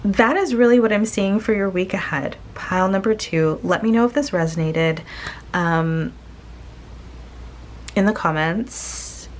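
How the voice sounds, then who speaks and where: A woman giving a casual spoken tarot reading to her viewers, gentle and searching, pausing often and restarting her sentences. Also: medium pitch, slight background noise. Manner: slow, gentle, searching, with many pauses and restarts. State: tearful, emotional. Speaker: tarot reader.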